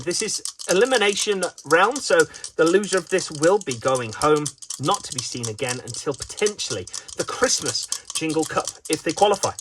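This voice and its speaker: A man's voice: a little high, background noise. A man giving playful mock sports commentary of a dice game he plays against himself, jokey and full of asides. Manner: playful, jokey, with frequent fillers and restarts.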